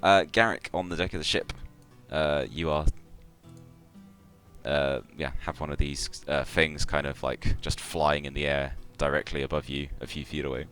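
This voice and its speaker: Game master with a very deep voice, describes the action haltingly. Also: male voice, steady tone, fairly bright tone, smooth, faint music behind. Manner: hesitant, many fillers and restarts. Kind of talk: narrating a tabletop game live.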